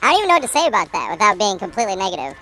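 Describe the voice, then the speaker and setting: A woman commenting on her gameplay live, rapid and exasperated, swearing at times. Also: mid-range voice, very animated, sharp tone.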